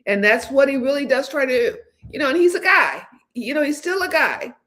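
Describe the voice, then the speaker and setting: A woman in her seventies hosts a casual livestream, chatting candidly and rambling, with many fillers and restarts. Her voice is high-pitched and fairly bright, with big pitch swings, and she talks fairly quickly.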